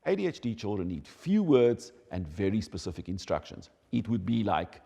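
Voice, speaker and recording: A man's voice: low-pitched, a little fast, creaky, hardly any pauses. A man explaining child development in an emphatic, teaching manner. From South Africa. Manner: animated, emphatic teaching delivery. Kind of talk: explanatory talk. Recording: long hall reverb.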